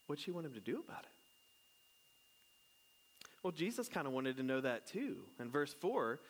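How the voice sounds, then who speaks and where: A man's voice: on the high side, fairly bright tone. A man, a pastor who is married and has children, giving a casual, conversational sermon. He jokes and keeps asking his listeners questions. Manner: chatty and joking, asks the congregation questions.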